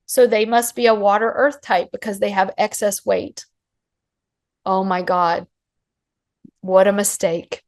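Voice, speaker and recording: A middle-aged woman giving a passionate, emphatic webinar talk as an Ayurveda teacher, telling stories with lively emphasis. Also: medium pitch. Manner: passionate, emphatic, animated storytelling.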